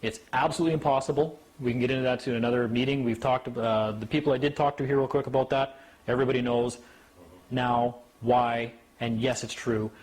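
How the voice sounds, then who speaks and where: A man in casual talk to a small group, an animated storyteller who mimics officials in a higher voice. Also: brisk. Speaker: speaker.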